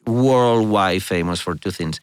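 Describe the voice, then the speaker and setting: Spanish-accented man telling animated stories. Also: low voice, unhurried, smooth, no room sound. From Spain. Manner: animated storyteller, laughs often, many restarts. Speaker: guest, orchestra conductor. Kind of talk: casual interview chat.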